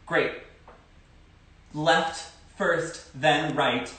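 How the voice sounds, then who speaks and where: Male dance teacher, live-streamed class, counts steps, chatty asides, slightly high voice, distant phone mic in a very echoey room. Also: moderate pace, fairly bright tone, a little hiss or hum.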